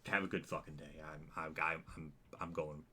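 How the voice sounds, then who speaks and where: A man hosting a racing channel, delivering an exasperated, profane rant with halting restarts. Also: rumbling low, little pitch movement, noisy background. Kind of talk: angry rant to camera.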